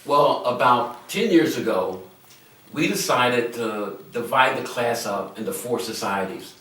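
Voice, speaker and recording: A man's voice: mid-range voice, animated, measured pace, fairly bright tone. Older guy, doctor, talking earnestly about his work, far from the mic, echoey room, bit of hiss. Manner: earnest, anecdotal, explains at length. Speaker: medical school dean and physician. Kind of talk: interview storytelling. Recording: echoey room, distant mic, faint noise.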